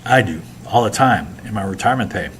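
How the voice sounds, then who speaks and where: A man's voice: lowish voice, lively intonation, brisk, fairly bright tone, a little hiss or hum. A man voicing a bitter scheming young navy officer. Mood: falsely friendly. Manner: snappy, forced friendliness.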